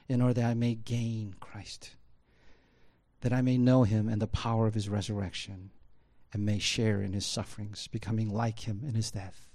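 Man, pastor, sermon, casual talk, fervent build-ups, mid-pitched voice. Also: darkish tone.

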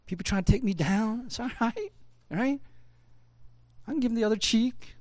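Chatty preacher, high voice, dry sound. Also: male voice, normal speed, long pauses, dry recording. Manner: conversational, full of fillers like "you know, like"; swings between loud emphatic bursts and low quiet asides. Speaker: pastor. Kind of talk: sermon.

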